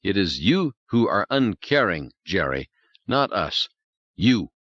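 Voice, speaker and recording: A man voicing a calm, persistent male psychologist who speaks earnestly and insistently. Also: sits low, takes it slowly, no room sound, highs cut off, heavily acted.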